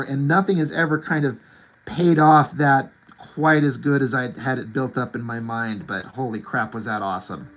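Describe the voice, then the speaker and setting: A man's voice: mid-range voice, normal speed, fairly bright tone. Host type: fortyish guy, loose enthusiastic fan chatter, plenty of "like", mid-range voice. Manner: rambling and enthusiastic, full of "like". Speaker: artist and channel host. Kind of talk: casual chat about movies and comics.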